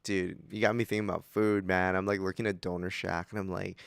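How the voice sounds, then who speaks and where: A man from Hawaii, co-hosting a casual chat in a relaxed, joking way. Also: low voice, fast talker, vocal fry, hardly any pauses, clear, resonant tone, no echo. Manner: laid-back, says dude a lot, laughs easily. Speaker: podcast co-host.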